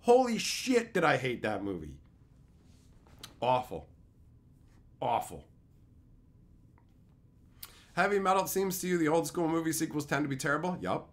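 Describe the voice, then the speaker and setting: A man's voice: on the high side, big pitch swings, quick pace, few pauses. A man streaming live, chatting casually with his chat and ranting with repeated, profane phrases. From Canada.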